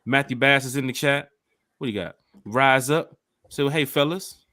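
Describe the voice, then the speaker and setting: Male podcast host, energetic shout-outs, dry close mic. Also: medium pitch, normal speed, no echo. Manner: lively, hyped shout-outs. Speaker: podcast host reading live chat. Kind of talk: casual chat.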